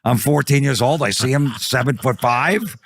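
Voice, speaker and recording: A man's voice: mid-range voice, normal speed, gravelly, a bit bright, dry recording, studio quality. A man telling a profane comic story, acting out the quotes. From New Jersey. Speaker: comedian guest.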